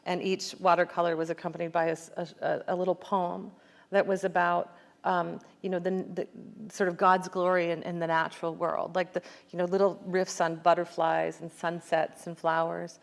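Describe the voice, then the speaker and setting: A woman's voice: lowish voice, fairly even intonation, normal speed, vocal fry. Reflective American woman author in conversation. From United States. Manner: reflective, many fillers and restarts. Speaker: author guest. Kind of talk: onstage conversation.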